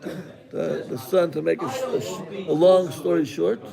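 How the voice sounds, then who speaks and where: A rabbi narrates a dramatic tale to his class, slow and deliberate with a high, gravelly voice. Listeners murmur around him in the room. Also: a crowd in the background. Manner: animated, acts out the characters. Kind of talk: dramatic storytelling in a lesson.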